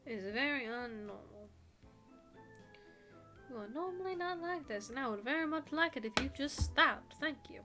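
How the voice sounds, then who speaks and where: A woman streamer reading a visual novel aloud on stream, with an animated, giggly manner and chatty asides to her audience. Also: sits high, normal speed, long pauses, over music.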